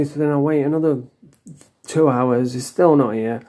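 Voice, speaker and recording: A man's voice: mid-range voice, moderate pace, dark tone. A man telling a personal story to camera in a blunt, sweary, frank way. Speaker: vlogger. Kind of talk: casual storytelling monologue.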